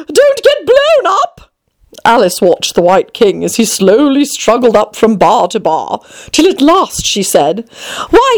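A woman reading a storybook aloud in a measured, gently theatrical way. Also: on the high side. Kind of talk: expressive read-aloud storytelling.

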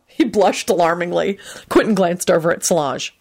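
A woman narrating a story aloud in an expressive storytelling manner. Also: lowish voice, normal speed, vocal fry, slightly rough. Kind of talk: audiobook narration.

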